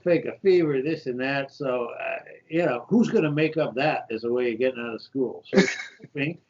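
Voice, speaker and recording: A man in his sixties from New York, telling stories as a podcast guest and acting out the voices of people he quotes. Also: mid-range voice. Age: 60s. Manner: animated anecdotes, acts out quoted voices. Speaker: shadow senator, guest. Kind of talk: storytelling interview. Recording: dull lo-fi podcast audio.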